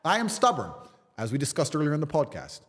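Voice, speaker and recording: A man's voice: a little high, wildly swooping pitch, fast, fairly bright tone, in a large hall. A man in a casual podcast conversation, talking in a defiant, emphatic way and swearing freely. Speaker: podcast guest.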